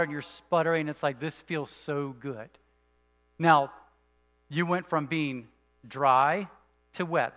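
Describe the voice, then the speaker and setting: A man preaching a sermon as a pastor, earnest, moving between emphatic and hushed delivery. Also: a little high, big-room sound.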